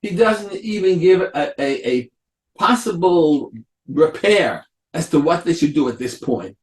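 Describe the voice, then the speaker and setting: Slow, deliberate rabbi in an echoey room. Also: male voice, fairly high pitch, animated, a little mellow. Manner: explains slowly, acts out biblical quotes. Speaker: rabbi teaching Torah. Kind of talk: Torah lecture.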